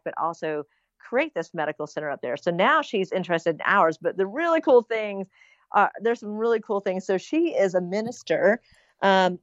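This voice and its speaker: A woman's voice: on the low side, no echo. A middle-aged woman speaking as an interview guest in casual talk, earnest and rambling, with many fillers. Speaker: interview guest planning a hospital. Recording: dull lo-fi sound.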